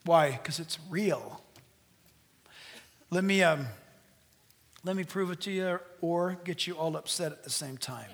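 A middle-aged man preaching a sermon as pastor, animated, swinging from loud peaks to hushed asides. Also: fairly high pitch, unhurried, pauses often.

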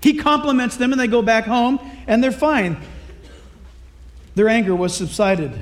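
A male pastor delivering a sermon in a notably high voice. He tells the story with animated energy and slips in playful voices for the people in the text. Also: normal speed. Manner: animated, acts out voices of Bible characters.

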